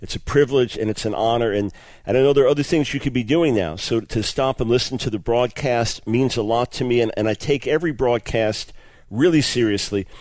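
A man's voice: mid-range voice, brisk, darkish tone, dry recording. A man hosting a radio broadcast, explaining his subject in an earnest, enthusiastic teaching monologue with frequent word repeats. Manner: earnest, enthusiastic, repeats words when restarting. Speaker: radio show host.

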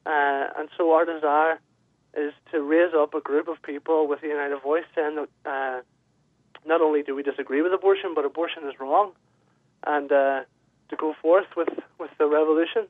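A man's voice: fairly high pitch, steady tone, moderate pace, no room sound. Male Northern Irish caller, earnest, hesitant, tinny dry phone audio. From Northern Ireland. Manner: hesitant, many fillers, earnest. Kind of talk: radio call-in.

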